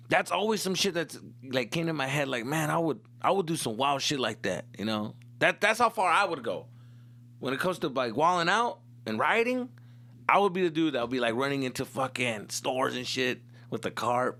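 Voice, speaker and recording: Young dude comedian ranting on his podcast, swears a lot, drops spanish slang, bright voice that bounces all over. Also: mid-range voice. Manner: profane, rambling, switches into Spanish slang. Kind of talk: casual comedic monologue.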